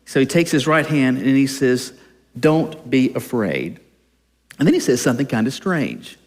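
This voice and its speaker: Earnest preacher in a reverberant hall. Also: male voice, mid-range voice, lively intonation. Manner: earnest, with pauses and restarts. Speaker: pastor. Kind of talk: sermon.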